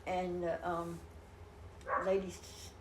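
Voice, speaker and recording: A woman's voice: lowish voice, completely flat delivery, slow pace, background noise. An older woman speaking as an interview guest, telling a personal story in an earnest, rambling way with many restarts. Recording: roomy echo.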